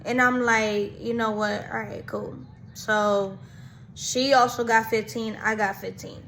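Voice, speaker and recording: A young adult woman casually telling a storytime, animated and slangy, rambling quickly through events. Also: a little high, a little hiss or hum. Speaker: vlogger.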